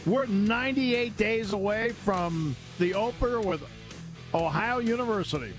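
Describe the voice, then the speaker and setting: A man hosting a sports talk radio show, chatting casually and telling animated stories with frequent laughter. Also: high-pitched, measured pace, faint music behind. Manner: animated storyteller, laughs often.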